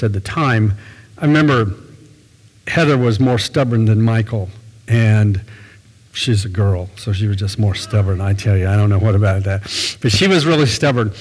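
A man's voice: medium pitch, in a large hall, poor audio. An older man, a pastor, preaching a sermon in a folksy, conversational storytelling way.

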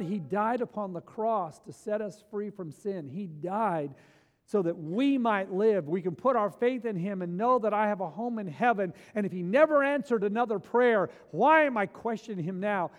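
A man preaches a sermon in a high, animated voice, repeating words as he acts out biblical scenes. The sound is from a church sanctuary, with long hall reverb behind every phrase. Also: moderate pace.

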